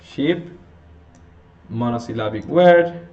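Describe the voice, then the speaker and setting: A man teaching an intonation lesson, working through example sentences slowly, often restarting and correcting himself. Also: medium pitch, lively intonation, a little mellow, highs cut off. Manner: slow, halting, with frequent restarts and self-corrections. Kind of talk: phonetics lesson explanation.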